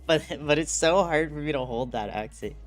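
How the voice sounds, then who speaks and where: A man's voice: a little high, moderate pace. A man streaming a game and chatting casually, rambling and joking at his own expense. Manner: rambling, self-deprecating, laughs at himself. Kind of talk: casual gameplay commentary. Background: game music.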